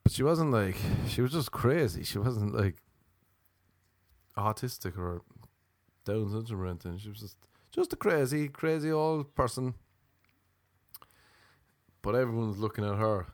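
A man from Ireland doing a crude, comedic monologue as a podcast host, storytelling with big animated swings. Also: fairly low pitch, measured pace, long pauses, dry recording.

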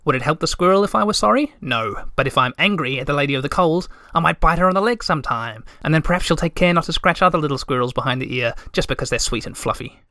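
A man's voice: on the high side, lively intonation, quick pace, few pauses, sharp tone, no echo, clean studio sound. A man reading aloud and voicing a small, fierce girl creature with a blunt, perky way of talking.

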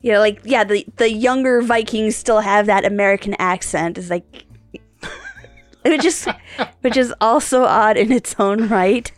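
A woman co-hosting a podcast in casual chat, thinking aloud in a halting way and often rephrasing herself. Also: mid-range voice, no echo, soft background music. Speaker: podcast co-host.

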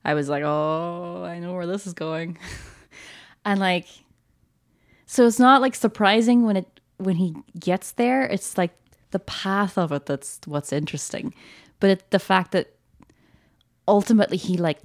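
A woman's voice: medium pitch, a little slow, long pauses. A woman talks casually about a film she loves, her voice sitting in a middle register. She laughs easily and trails through fillers and restarts. Her delivery is enthusiastic and conversational. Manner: chatty and enthusiastic, laughs often, many fillers. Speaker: podcast co-host.

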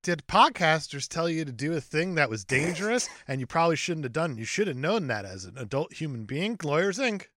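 Man, jokey podcast co-host, says "like" often, higher voice, very lively delivery. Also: brisk, hardly any pauses, no echo, studio quality. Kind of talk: casual chat about a film.

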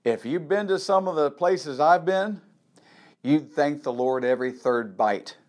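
A man's voice: fairly high pitch, a little slow, natural voice. A man doing a fiery Southern preacher. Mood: wry.

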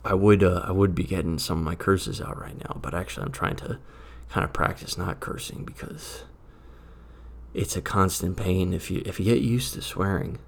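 Gravelly low-voiced man, rambling nervously. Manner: rambling, hushed and nervous, often dropping to a whisper. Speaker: storyteller playing a tavern keeper. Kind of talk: improvised comic monologue.

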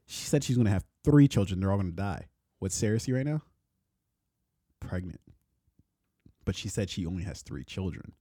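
A man's voice: low-pitched, expressive, normal speed, long pauses, mellow, no echo, clean studio sound. A man co-hosting a podcast in a loose, casual chat, swearing freely and laughing often. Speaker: podcast co-host.

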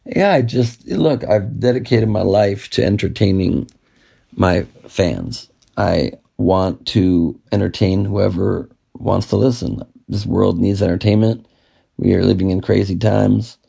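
A man's voice: low-pitched, unhurried, vocal fry, mellow, husky. A young man hosting a casual podcast, rambling and joking, sometimes breaking into song. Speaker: podcast host.

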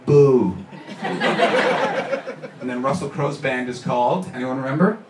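A man works the crowd at a live stand-up show, loud and sweary, ribbing the audience between bits. He is recorded from a distance, with the room ringing around his voice. A steady background noise sits under him. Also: mid-range voice, a little slow, roomy sound. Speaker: stand-up comedian. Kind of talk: stand-up comedy with crowd work. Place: live comedy venue with audience.

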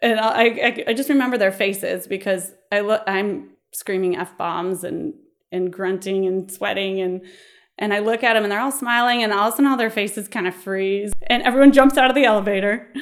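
Woman, thirties, casual storyteller, animated delivery with laughs and quick voiced-out quotes. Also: mid-range voice. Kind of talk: personal birth story, casual telling.

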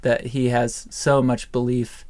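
A man co-hosting a podcast, talking in a reflective, measured way. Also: medium pitch, flat delivery, a little mellow. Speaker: podcast co-host. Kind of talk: casual podcast chat.

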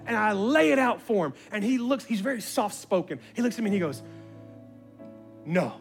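A male pastor telling a story from the pulpit in an animated way, acting out conversations with bursts of excitement. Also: high voice, normal speed, vocal fry, faint music behind. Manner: animated, acts out dialogue with rising excitement. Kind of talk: sermon storytelling.

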